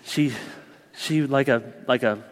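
A man in his thirties preaching a sermon, swinging between loud proclaiming and quiet, confiding asides. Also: medium pitch, slow pace, big-room sound. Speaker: pastor.

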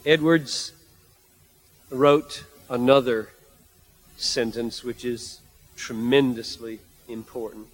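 A man's voice: medium pitch, steady tone, takes it slowly, long pauses. A man preaching a sermon, reading scripture and building to emphatic, repeated outbursts. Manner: emphatic, repetitive, rising to fervent outbursts.

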